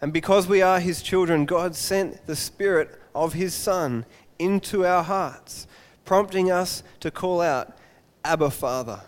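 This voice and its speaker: A man preaching a Father's Day sermon, an animated storyteller who acts out the voices of his characters. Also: sits high, measured pace, hardly any pauses, big-room sound.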